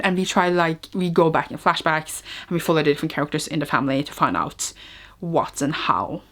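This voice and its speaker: A woman with a Norwegian accent in a casual book review vlog, rambling and chatty with lots of "like", often laughing at herself. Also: lowish voice. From Norway. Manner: self-mocking and giggly. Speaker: book vlogger.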